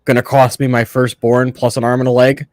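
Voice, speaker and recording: A man's voice: medium pitch, little pitch movement, brisk, no echo. A man with a Connecticut accent, chatting casually as a guest and chuckling through his stories. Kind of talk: casual chat.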